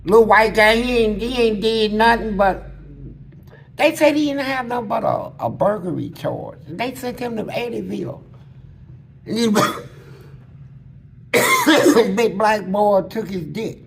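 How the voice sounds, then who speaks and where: This man, a guest on an interview, spins casual prison stories in blunt street slang, voicing other people's lines as he goes. His high voice is sing-song, unhurried, and creaky, with long pauses. Background noise is present.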